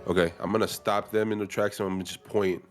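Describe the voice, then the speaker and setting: A man's voice: lowish voice, little pitch movement, fast, faint music behind. A man playing a tabletop game in a laid-back, slangy way. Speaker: player. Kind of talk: casual tabletop play.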